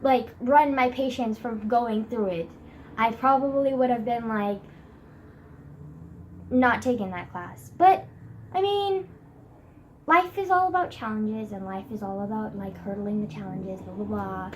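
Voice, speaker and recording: A woman's voice: fairly high pitch, measured pace, a little hiss or hum, low-quality recording. A teenage girl vlogging casually about school from her bed, rambling and dramatic with many fillers. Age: teens. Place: bedroom, sitting on a bed.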